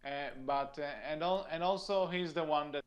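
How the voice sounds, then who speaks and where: A man co-hosting a podcast over an online voice call, talking casually with frequent laughs, fillers and restarts. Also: fairly high pitch. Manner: giggly, halting, lots of fillers and restarts. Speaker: podcast co-host. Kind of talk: casual chat.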